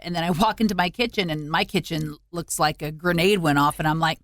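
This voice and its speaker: A woman's voice: lowish voice, a little fast, a bit bright, no room sound. A woman co-hosting a radio show, chatting in a playful, joking way. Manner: playful, wisecracking. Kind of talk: casual chat.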